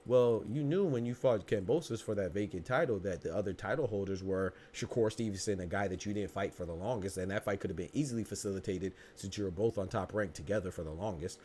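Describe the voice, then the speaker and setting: A man's voice: low voice, fast, hardly any pauses, darkish tone, slight background noise. A man hosting a live boxing podcast, reading chat comments and joking around with loose, profane mock anger and speech.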